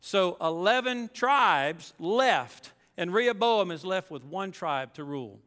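A male pastor delivers a sermon, reading scripture and pressing his points with emphatic asides. His voice is bright and clear, and it rings with a long reverb through a church sanctuary. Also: high-pitched, expressive, takes it slowly. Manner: reads scripture aloud then preaches with emphatic asides.

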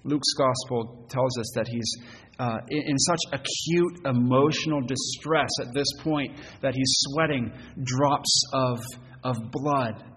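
Pastor guy giving a sermon, earnest and kinda stumbly, mid-pitched voice, echoey sanctuary. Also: fairly bright tone. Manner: earnest, halting with frequent repeated words. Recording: long church reverb, faint noise.

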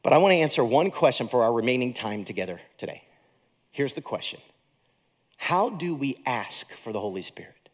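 A man preaching a sermon as a pastor in a church, with animated delivery and joking asides to the congregation. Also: mid-range voice, normal speed.

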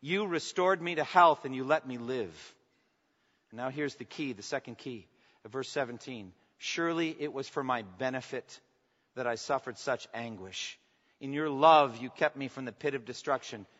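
A man preaching a sermon as pastor, swinging from emphatic declarations to soft, intimate asides and asking the congregation for response. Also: mid-range voice, moderate pace. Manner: preaching with rising emphasis, then dropping to soft, intimate lines. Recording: long reverb, dull lo-fi sound.

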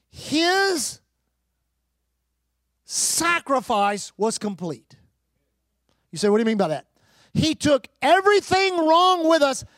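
A man's voice: extremely high pitch, a bit bright, no room sound, studio quality. A middle-aged man, preaching a sermon with emphatic rises, repeated phrases and calls to the congregation. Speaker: pastor.

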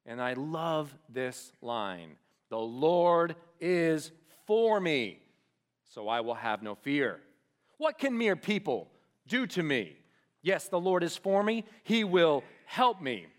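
Male preacher, slightly high voice, very lively swings, quiet emphatic drops, questions to the room. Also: slow pace. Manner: animated, drops to soft emphatic lines; asks the audience questions directly. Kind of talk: sermon.

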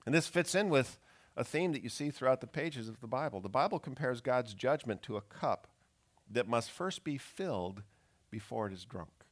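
A male pastor delivering a sermon. His voice rises and falls in a lively way as he reads scripture and dramatizes its cries for justice. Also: medium pitch, normal speed. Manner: expressive preaching, acting out pleading questions.

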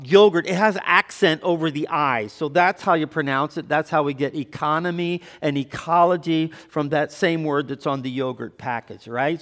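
A man preaching a sermon to his congregation. He talks in a conversational way and throws in quick asides and banter. His slightly raised voice rings out with long reverb in a church hall. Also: on the high side, a bit bright. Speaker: pastor.

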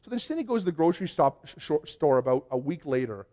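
A man preaching a conversational sermon to his congregation, telling stories in an excitable, chatty way. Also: fairly high pitch, fast talker. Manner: chatty storytelling, excitable, many restarts. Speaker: pastor. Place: church before a congregation.

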